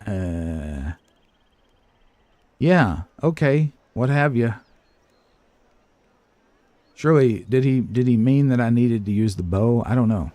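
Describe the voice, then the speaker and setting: In a dry recording, an older game streamer speaks in a mid-range, expressive, dark-toned voice, taking things slowly with frequent pauses. His commentary on the video game is casual and hesitant, talking to himself and poking fun at his clumsy play.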